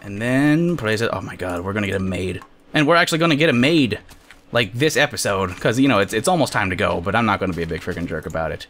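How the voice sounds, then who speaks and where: Excitable, lively man gaming. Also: fairly low pitch, quick pace, a little hiss or hum. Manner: excitable, yelps and shouts at the game, jokey. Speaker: gamer host. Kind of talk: casual let's-play commentary.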